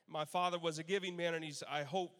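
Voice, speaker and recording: High-voiced pastor in a reverberant hall. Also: male voice, fast talker. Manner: animated storytelling with laughs and acted-out quotes. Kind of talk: Father's Day sermon storytelling. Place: church sanctuary. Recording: long church hall reverb.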